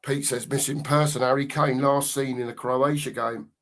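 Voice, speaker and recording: A man's voice: mid-range voice, fairly even intonation, vocal fry, a bit bright. A man co-hosting a live football watchalong, giving casual commentary and reading out chat messages with plenty of banter. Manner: banter-filled, drawn-out emphasis on goal calls.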